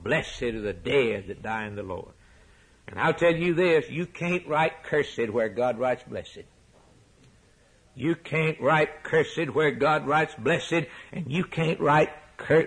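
A male preacher delivering a sermon with rhetorical repetition, rising to soaring emphatic peaks and dropping to hushed low lines. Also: gravelly, slightly rough, low-quality recording.

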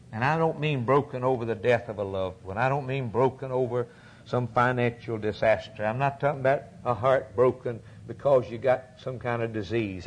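A man preaching a sermon with fervent swings from loud, rising peaks to low, hushed lines.

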